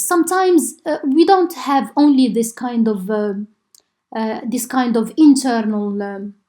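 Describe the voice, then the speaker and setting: Woman lecturing, fairly high voice. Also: darkish tone. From Morocco. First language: Arabic. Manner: explanatory, frequent "uh" and "okay?" check-ins. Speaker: linguistics lecturer. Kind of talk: university lecture.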